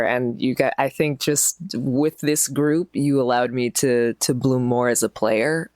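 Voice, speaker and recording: A new player in a tabletop group, speaking gratefully and in an animated way about the campaign. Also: medium pitch, dry recording. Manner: grateful, animated, laughs easily. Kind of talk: casual discussion of a finished campaign.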